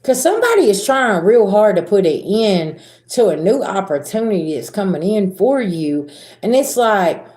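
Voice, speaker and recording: Woman, Southern American accent, spiritual reader, blunt and profane, mellow voice, echoey room. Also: medium pitch, big pitch swings, moderate pace. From Southern United States. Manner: blunt and profane, acts out arguments. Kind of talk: casual tarot reading to viewers.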